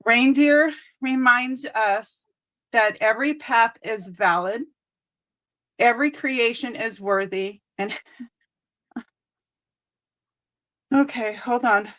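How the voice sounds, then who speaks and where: Tearful woman card reader on a live stream, high voice, slow unhurried delivery. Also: fairly bright tone, poor audio. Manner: emotional, tender, reading aloud slowly. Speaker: psychic card reader, host.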